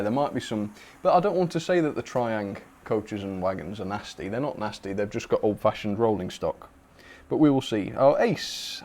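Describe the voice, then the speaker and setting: A young man hosts a casual livestream in a mid-pitched, easygoing voice. He rambles warmly through viewer comments, with plenty of "uh"s and little laughs. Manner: chatty, reads viewer comments aloud, frequent fillers and laughs. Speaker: livestream host. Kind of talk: casual live chat.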